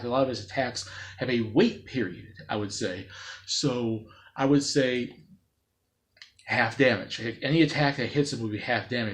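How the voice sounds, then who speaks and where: A man giving unscripted gaming commentary, rambling and excitable, with many fillers and restarts and loud bursts into playful sound effects. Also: medium pitch. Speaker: gaming video creator.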